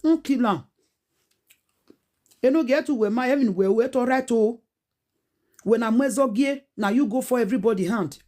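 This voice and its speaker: A woman's voice: a little high, fairly quick, darkish tone. Nigerian woman in her forties, scolding rant. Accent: Nigerian Pidgin English. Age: 40s. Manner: preachy, scolding, rhetorical questions. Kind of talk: animated casual rant.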